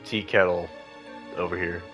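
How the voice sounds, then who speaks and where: A man's voice: low voice, steady tone, normal speed, a bit bright, soft background music. A tipsy man streaming a video game live, chatting casually and laughing often. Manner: giggly, laughs often and mimics lines.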